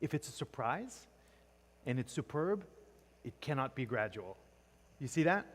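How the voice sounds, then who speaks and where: Husky and unhurried, a man with a mid-range voice teaches poetry with great animation in a church classroom. He keeps putting questions to his students and ends almost every point with "right?", captured amid long, echoing reverb.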